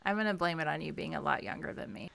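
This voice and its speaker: A woman's voice: low voice, fast, creaky, a bit bright. A middle-aged woman co-hosting a podcast in casual chat, teasing and laughing. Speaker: podcast co-host.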